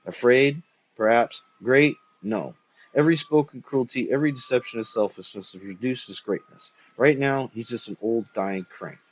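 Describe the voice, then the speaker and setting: A man's voice: mid-range voice, normal speed, highs cut off, natural voice. A man playing a cool businessman son. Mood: measured. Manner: level, dry replies. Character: calm grown businessman son, dry and cool.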